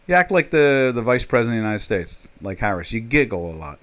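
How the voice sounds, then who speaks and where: A man's voice: mid-range voice, big pitch swings, quick pace, fairly bright tone. An older man chatting casually as a trader on a live stream, rambling and joking, with many fillers and restarts. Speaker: trader hosting a live chat.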